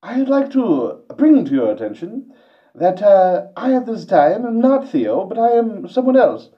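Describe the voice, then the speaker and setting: A man voicing a prim, pompous English gentleman in a put-on posh English accent, prissy and overly formal, on a dull lo-fi recording. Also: high voice, very animated, measured pace, recorded from a distance, voice pushed up.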